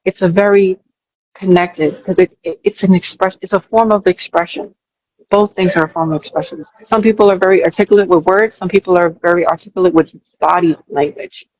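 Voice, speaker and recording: A woman's voice: fairly low pitch, fairly even intonation, a little fast, darkish tone, no echo, dull audio. A young woman, a college student, answering interview questions in an earnest way, thinking aloud and restarting her sentences. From New York. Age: young adult. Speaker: interview guest.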